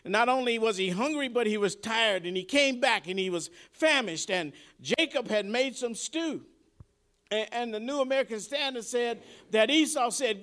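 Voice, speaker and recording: A man delivers a sermon in a high, lifted voice. He talks like he is chatting with the congregation, repeats himself as he gathers his thoughts, and swings from hushed asides up to shouted climaxes. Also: lively intonation, moderate pace. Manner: preaching with sharp swings between soft asides and shouted climaxes; conversational, repeats words and restarts. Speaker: preacher.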